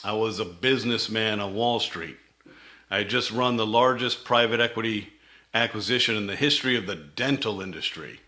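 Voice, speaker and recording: A man's voice: fairly low pitch, normal speed, sharp tone. A middle-aged man, a company CEO, telling his founding story in a vivid presentation that acts out quoted dialogue.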